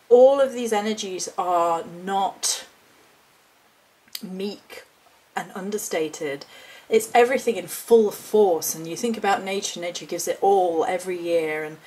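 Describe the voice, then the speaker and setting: Give me a woman talking passionately and expressively about witchcraft and nature on her vlog. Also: fairly low pitch. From United Kingdom. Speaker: hedge witch and altar maker. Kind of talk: spiritual vlog talk.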